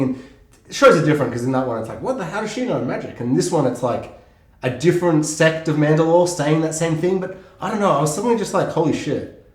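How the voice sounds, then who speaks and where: A man co-hosting a podcast in casual chat, excitable and swearing freely as he acts out lines. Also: fairly high pitch. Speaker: podcast co-host. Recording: echoey room.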